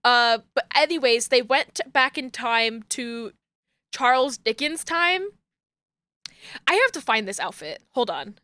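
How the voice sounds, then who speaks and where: A young woman streamer in casual chat, ranting excitedly and laughing, with bursts of shouting. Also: fairly high pitch, measured pace, smooth, dry recording.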